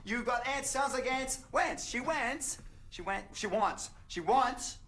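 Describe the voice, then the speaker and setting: A man's voice: extremely high pitch, lively intonation, takes it slowly, sharp tone, exaggerated voice. An actor playing a flustered male fiancé in a comedy film, stammering and guessing in a rush, with many fillers. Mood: frantic guessing. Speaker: groom-to-be.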